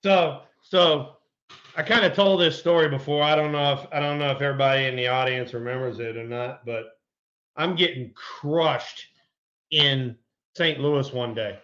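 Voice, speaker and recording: A middle-aged man who used to play pro baseball chats casually about sports, spinning colorful, profane anecdotes. His voice sits in the mid range at a normal speed, with a fairly bright tone and the highs cut off.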